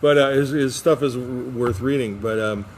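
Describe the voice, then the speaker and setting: A man's voice: medium pitch, moderate pace, slight background noise. A man co-hosting a podcast, telling a rambling story with frequent restarts. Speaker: podcast co-host. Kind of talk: casual chat.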